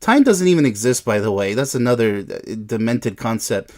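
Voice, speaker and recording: A man's voice: mid-range voice, very animated, normal speed, darkish tone. Sarcastic, exasperated man reacting. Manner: frequent incredulous exclamations. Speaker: relationship commentator. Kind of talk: reaction commentary reading an article.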